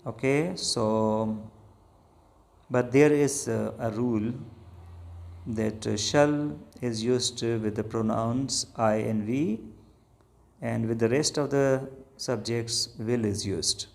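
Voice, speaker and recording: A man with a Pakistani English accent, whose first language is Urdu, teaching English grammar, explaining slowly and deliberately with frequent hesitations. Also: mid-range voice, creaky, darkish tone. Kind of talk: grammar lesson.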